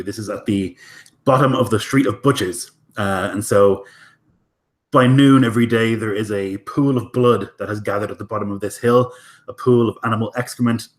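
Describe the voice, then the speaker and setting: A man narrating a tabletop game as game master in a casual way, with lots of fillers and some swearing. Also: on the low side. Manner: casual, many fillers, profane.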